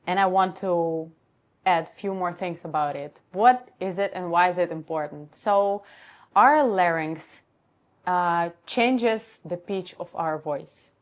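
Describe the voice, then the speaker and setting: Woman voice coach, slow and lowish, calm step-by-step explaining on a live stream. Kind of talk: live-streamed lesson on how the voice works.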